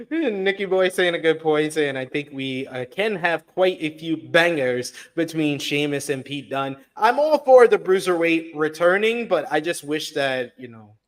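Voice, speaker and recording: A man's voice: a little high, animated. A man hosting a casual review chat, reading viewer comments aloud and reacting to them. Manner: laid-back, reads chat aloud with quick reactions.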